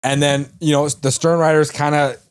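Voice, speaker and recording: A man's voice: fairly high pitch, level tone, moderate pace, smooth. A man co-hosting a casual podcast, laid-back and slangy, laughing easily. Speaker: podcast co-host. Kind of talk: casual chat.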